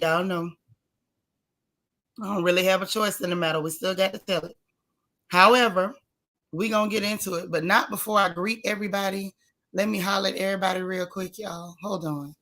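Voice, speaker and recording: A woman's voice: mid-range voice, a bit bright. Folksy woman with a strained voice. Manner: folksy, chatty, greets viewers one by one. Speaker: livestream host. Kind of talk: casual live-stream chat.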